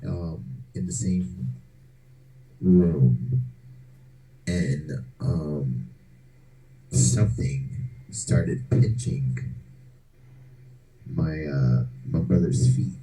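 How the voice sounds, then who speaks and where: Very deep, dark-voiced male podcast host. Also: a little hiss or hum, poor audio. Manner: loose and profane, slangy fillers. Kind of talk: casual storytelling.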